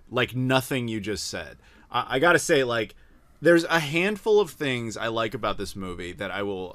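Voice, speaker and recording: A man co-hosting a podcast, talking in a blunt, critical, animated way in casual discussion. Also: lowish voice. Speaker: podcast co-host.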